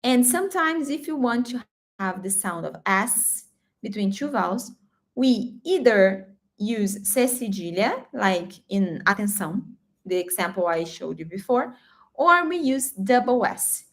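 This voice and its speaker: A woman whose first language is Brazilian Portuguese, teaching a live-streamed language lesson, repeating example words slowly and checking in with her viewers often. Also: medium pitch, expressive.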